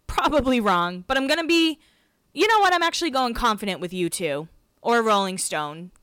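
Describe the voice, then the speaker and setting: A woman's voice: fairly high pitch, lively intonation, fairly quick, a bit bright, clean tone, dry recording. A woman hosting a podcast, recapping an episode in a chatty, giggly, self-mocking way. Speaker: podcast host.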